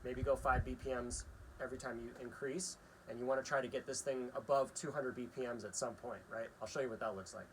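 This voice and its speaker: A man giving a casual drum lesson, chatty and relaxed, counting rhythms aloud as he demonstrates. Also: medium pitch, quick pace, a little hiss or hum, rough recording. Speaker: drum teacher. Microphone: phone camera aimed at a practice pad.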